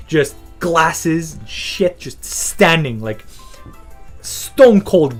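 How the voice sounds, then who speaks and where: A man's voice: on the high side, very slow, faint music behind. A man hosting a comedy podcast, riffing in a rambling, profane, swaggering way. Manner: profane, animated, swaggering storytelling. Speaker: podcast host.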